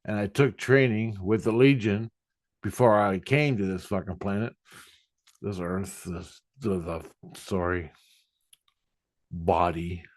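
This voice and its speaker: A man's voice: sits low, steady tone, slow pace, pauses often, no room sound, clean studio sound. A man telling a spiritual experience in a casual monologue, in an agitated and profane way. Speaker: vlogger.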